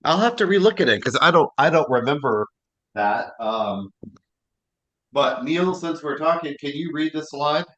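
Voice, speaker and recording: A man leading a Bible study class in a relaxed, chatty way with plenty of fillers. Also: fairly high pitch, normal speed, muffled recording. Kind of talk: casual class discussion.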